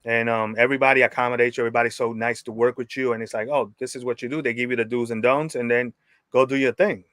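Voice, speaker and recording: A man's voice: mid-range voice, fairly even intonation, fast talker, fairly bright tone, no echo. A man from New York, a wrestling photographer, talking easily as a podcast guest. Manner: easygoing, rambling with fillers. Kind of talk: casual interview chat.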